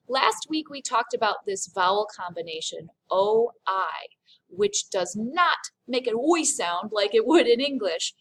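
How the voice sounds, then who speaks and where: A woman's voice: medium pitch, animated, a little slow, a bit bright, rough recording. A woman French teacher giving a recorded online lesson, explaining pronunciation patiently and step by step.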